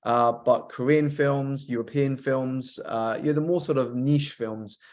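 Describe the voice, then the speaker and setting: A man speaks as an interview guest at a mid pitch, telling his story in a measured, reflective way. He lists things off one by one and fills pauses with uh's. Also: fairly even intonation, darkish tone. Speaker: coach and author, podcast guest.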